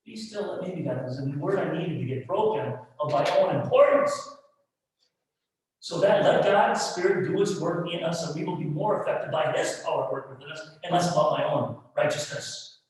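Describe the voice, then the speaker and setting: A man's voice: fairly high pitch, moderate pace. Echoey, frank male pastor preaching. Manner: conversational and frank, swinging from soft asides to loud emphatic peaks. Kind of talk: sermon. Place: church sanctuary. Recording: roomy echo, mic at a distance.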